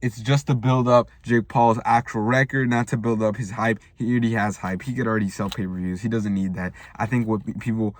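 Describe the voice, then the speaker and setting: A man's voice: fairly low pitch, steady tone, brisk, hardly any pauses. A young man hosting a casual boxing news vlog from a parked car, rambling in slang with frequent restarts. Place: parked car in a school parking lot.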